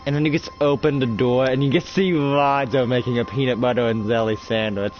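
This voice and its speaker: A man's voice: mid-range voice, fairly even intonation, brisk, muffled recording, soft background music. A man narrating a casual role-play as game master, rambling with lots of filler words.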